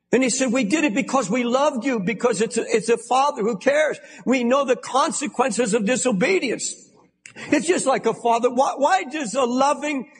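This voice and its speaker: Give me an emphatic older American male pastor delivering a sermon in a large church with long reverb. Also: extremely high pitch. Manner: emphatic preaching, shouts for stress.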